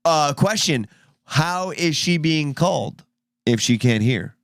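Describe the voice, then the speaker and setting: A man with a fairly high voice that leaps around a lot, trading crude jokes in casual podcast banter. He swears freely and loudly narrates what he sees on a video. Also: lively intonation, takes it slowly, vocal fry, dry recording, studio quality. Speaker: podcast co-host.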